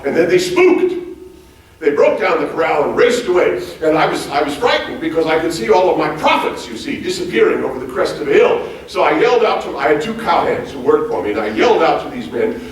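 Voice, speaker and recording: An actor playing a hearty, bookish former president on stage, quizzing a live audience in formal, old-fashioned phrasing. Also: male voice, a little high. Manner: animated, quizzes the audience with lively questions. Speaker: historical reenactor on stage. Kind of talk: live one-man stage portrayal. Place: large auditorium stage before a live audience. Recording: very echoey hall, mic far off.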